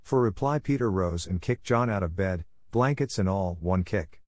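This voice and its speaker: A man narrating a classic children's story in a measured, even reading. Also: sits low.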